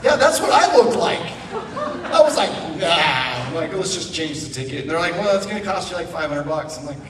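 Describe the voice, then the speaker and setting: Man, guest speaker, animated storytelling, high voice, distant mic, echoey sanctuary. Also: brisk, crowd noise. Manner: animated, self-mocking, acts out dialogue. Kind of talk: storytelling testimony. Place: church sanctuary. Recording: echoey church hall from far off.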